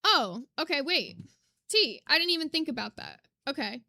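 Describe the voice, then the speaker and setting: A woman talks to her livestream chat in a loose, chatty way. Her voice sits high and sounds bright and a bit sharp. The sound is dry and close. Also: lively intonation, normal speed, no echo. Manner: chatty, reads chat aloud. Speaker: streamer reacting to clips. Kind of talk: casual livestream commentary.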